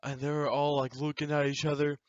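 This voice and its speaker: A man's voice: on the high side, a little fast, no echo, highs cut off. A teenage young man casually telling enthusiastic, rambling stories into a microphone as a channel host. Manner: animated, enthusiastic, rambling storyteller. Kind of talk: casual storytelling chat. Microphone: desk microphone.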